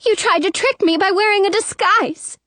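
A woman's voice: extremely high pitch, moderate pace, fairly bright tone, dry recording, voice pushed up. A woman voicing a frightened young woman who stammers in a wobbly voice near tears.

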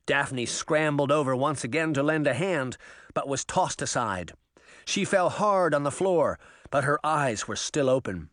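A man reads an adventure story aloud with lively, dramatic swings in his voice. His pitch sits a little high, and the recording is dry and close. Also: unhurried, no echo. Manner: dramatic, animated reading. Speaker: audiobook narrator. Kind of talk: expressive audiobook narration.

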